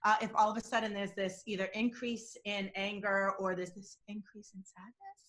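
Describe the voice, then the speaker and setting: A woman talks as a guest expert in an interview, lively and animated. She swings her pitch up and down as she acts out the voices she quotes. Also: normal speed. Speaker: guest expert on lie detection.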